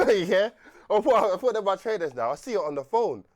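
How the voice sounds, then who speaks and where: A young man telling a rambling, animated story on a podcast, laughing often and restarting his sentences. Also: high-pitched, a little fast. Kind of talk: casual storytelling chat.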